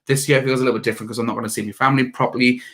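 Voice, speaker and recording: A man's voice: mid-range voice, fairly even intonation, a bit bright. Easygoing young man chatting. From United Kingdom. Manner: easygoing and chatty, with halting fillers. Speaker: co-host of a live stream. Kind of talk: casual live-stream chat.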